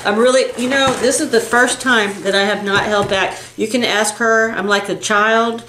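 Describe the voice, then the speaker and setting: A woman's voice: fairly high pitch, moderate pace. An older woman co-hosting a beauty channel, chatting casually and gasping with delight as she unboxes makeup gifts. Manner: gushing, gasping with excitement, chatty. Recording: echoey room with faint hiss.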